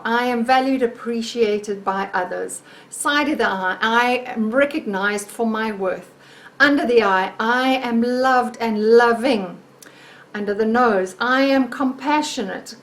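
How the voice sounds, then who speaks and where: A woman wellness coach leading a guided self-help tapping exercise in a gentle, encouraging, chatty way, talking to the camera. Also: on the high side.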